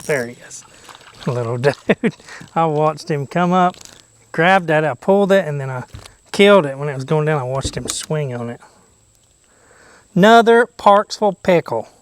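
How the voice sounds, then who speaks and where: A man with a drawl narrates his fishing trip from a boat, his voice pitched a little on the high side. He rambles in a silly, playful way, cracking jokes and sometimes whispering to himself. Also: lively intonation, normal speed, pauses often, clean tone. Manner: goofy, chatty, drops into whispers and silly sing-song noises. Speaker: fishing vlogger. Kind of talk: casual fishing commentary. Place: outdoors on a boat.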